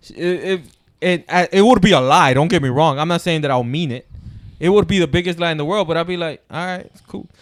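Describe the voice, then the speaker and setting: A man's voice: a little high, fast. A man co-hosting a casual podcast chat who laughs often and throws questions to the group. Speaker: podcast co-host.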